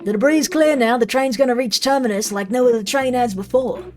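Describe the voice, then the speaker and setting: A bossy train conductor with a dry, wisecracking delivery, read by a woman. The voice sits fairly high and stays close to a normal speaking voice, with faint game music underneath. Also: brisk, a little mellow, natural voice. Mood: wry.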